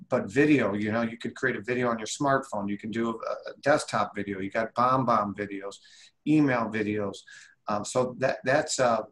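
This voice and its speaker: A man's voice: medium pitch, fairly bright tone. Enthusiastic male interview host. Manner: enthusiastic, many fillers and restarts. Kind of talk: remote interview.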